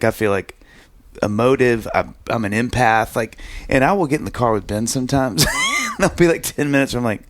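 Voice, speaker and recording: A man co-hosting a podcast in casual chat, telling animated stories and acting out quotes. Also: fairly low pitch, no room sound. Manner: animated storyteller, acts out quotes. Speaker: podcast co-host.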